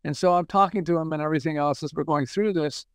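Chuckling man with a smooth voice. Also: fairly high pitch, quick pace, no echo, clean studio sound. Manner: chuckles often while telling anecdotes. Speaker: marketing consultant guest. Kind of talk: casual interview storytelling.

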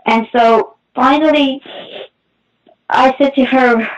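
Halting, emotional middle-aged woman, muffled. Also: on the high side. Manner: halting, emotional storytelling with many restarts. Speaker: guest. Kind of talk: personal testimony in an interview. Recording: muffled distant mic.

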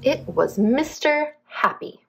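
A woman's voice: high voice, sing-song, slow pace, creaky, over music. A young adult woman, a preschool teacher, reading a picture book aloud expressively and asking young children questions.

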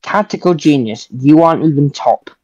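A man's voice: fairly high pitch, expressive, moderate pace, a little mellow. Sarcastic young man on a dull mic. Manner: dry, sarcastic teasing. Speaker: opponent in online game. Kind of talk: casual gaming banter.

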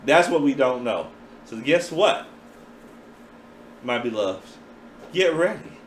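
A man preaching a sermon in a playful, animated way, acting out voices as he teaches. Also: mid-range voice, takes it slowly, echoey room, a little hiss or hum.

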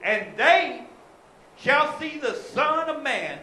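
A man in the congregation reading scripture aloud slowly and carefully in answer to the preacher. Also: very high voice, lively intonation, pushed and bright. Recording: roomy sound from a distance, faint noise.

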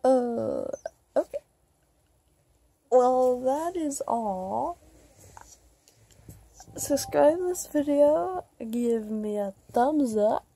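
A woman talks through her life-sim game at an unhurried pace, in a low, mellow voice. Her talk is chatty and rambling, with light self-mocking asides, like a casual gameplay vlogger. A slight fry roughens the ends of her words. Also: expressive.

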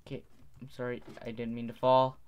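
A man's voice: mid-range voice, completely flat delivery, fairly quick, a little mellow, clear, resonant tone, dull audio. A teenage boy giving gameplay commentary, rambling, muttering to himself and correcting his words. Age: teens. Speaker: gaming video host.

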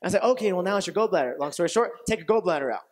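A male pastor delivers a sermon in a fairly high voice, swinging between lively acted-out exchanges and quieter reflective stretches. He repeats and restarts phrases and asks the room whether it makes sense. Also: very fast. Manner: animated storytelling, acts out quoted voices, laughs often; repetitive restarts, asks audience questions.

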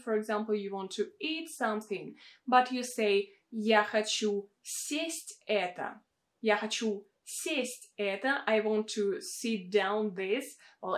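Slow careful Russian-accented woman teacher. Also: on the high side. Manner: slow, careful, repeats words for practice. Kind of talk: pronunciation lesson.

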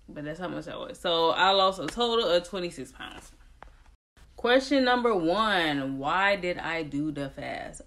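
A young woman chats to her camera in a relaxed vlog, her voice sitting fairly low. She talks slowly and lingers over her words, breaking into whiny, animated quotes as she retells things. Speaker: vlogger. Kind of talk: casual vlog talk.

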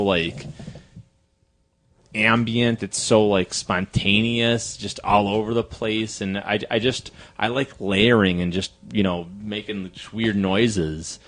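A low-voiced man with a Chicago accent rambles through casual podcast talk, a little drunk. He trails off often and fills gaps with filler words. His tone stays loose and unhurried. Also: a bit bright. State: tipsy from drinking. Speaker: podcast co-host and musician. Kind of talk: casual chat.

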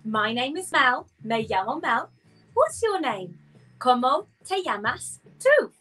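A woman's voice: high-pitched, very animated, takes it slowly, a bit bright, husky, faint music behind, poor audio. A woman teaching a live online Spanish class for young children, cheerful and sing-song, drawing out words to model pronunciation. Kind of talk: live-streamed kids' language class. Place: home.

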